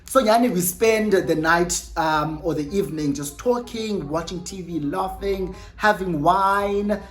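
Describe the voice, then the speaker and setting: A woman's voice: fairly low pitch, measured pace, soft background music. A young South African woman telling a casual storytime vlog, chatty and self-correcting, slipping in Xhosa words. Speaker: YouTuber.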